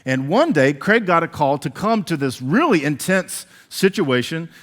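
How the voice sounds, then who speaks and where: Animated pastor preaching in an echoing church. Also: male voice, on the high side, normal speed. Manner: animated, acts out quoted voices. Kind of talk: sermon. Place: church sanctuary. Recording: long reverb of a large church hall.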